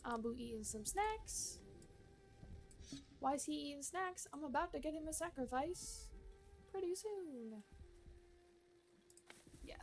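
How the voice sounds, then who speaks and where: A woman's voice: high-pitched, darkish tone. A woman streaming a video game, talking casually and self-mockingly while she plays, laughing often. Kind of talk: casual gameplay commentary.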